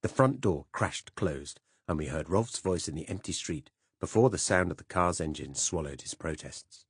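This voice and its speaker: A man narrating a first-person spy novel as an audiobook in a measured, even way. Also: low voice, slightly rough, no room sound, clean studio sound.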